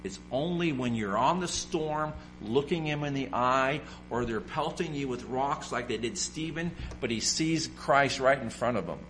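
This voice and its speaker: A man's voice: mid-range voice, normal speed, hardly any pauses, a bit bright, slight background noise. A man preaching a sermon, emphatic and repetitive, firing off rhetorical questions.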